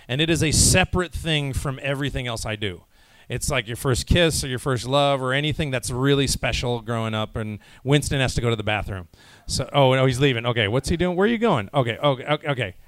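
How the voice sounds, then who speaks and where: A tired, jet-lagged voice actor with a medium-pitched voice speaks casually as a guest on a convention panel, addressing a live audience in a convention hall panel room, though no room sound comes through. He rambles and jokes, restarting his sentences often.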